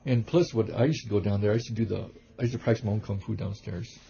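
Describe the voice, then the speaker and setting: Low gravelly guy rambling through old stories real quick, muffled lo-fi sound. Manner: rambling, animated anecdotes with many restarts. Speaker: kung fu teacher and reverend. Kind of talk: casual interview storytelling. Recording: dull lo-fi recording.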